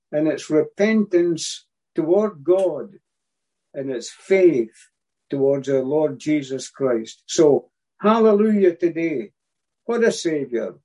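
A man's voice: fairly high pitch, mellow, rough recording. A man preaching a sermon, emphatic and repeating his key phrases.

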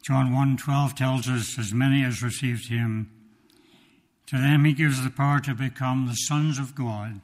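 A male preacher telling a story in a sermon, slow and emphatic, with dramatic pauses, reading from his notes. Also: mid-range voice, steady tone, a little mellow. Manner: reads from notes.

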